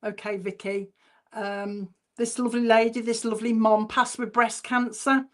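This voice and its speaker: Woman, spiritualist medium, chatty, informal, slow repeated messages. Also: fairly high pitch, level tone. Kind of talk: clairvoyant demonstration at an online church service.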